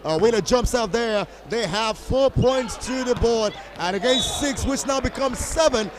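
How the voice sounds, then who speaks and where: Brief: male sports commentator, very high voice, excitable, shouts on the big plays. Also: poor audio. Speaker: volleyball commentator. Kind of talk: live play-by-play commentary. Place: commentary box at an indoor sports hall.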